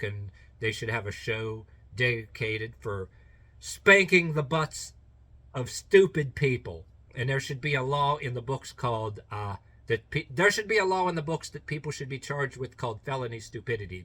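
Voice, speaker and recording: A man vents in a rambling, profane commentary vlog, circling back on himself with restarts. His voice is bright and forward, at a middling pitch. He sounds indignant throughout. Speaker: YouTuber.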